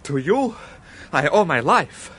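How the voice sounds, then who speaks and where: A man playing a high, pleading waiter. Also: sing-song, a bit bright, slight background noise, heavily acted. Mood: grateful. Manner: pleading, halting, repeats words. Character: frightened, grateful male restaurant waiter.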